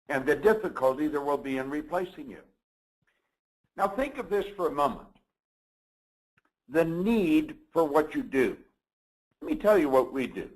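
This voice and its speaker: A man hosts a motivational webinar, and his voice sits a little high for a man. His pitch swings widely as he leans on key words. He speaks with measured emphasis, like a teacher. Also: rough recording. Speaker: seminar host.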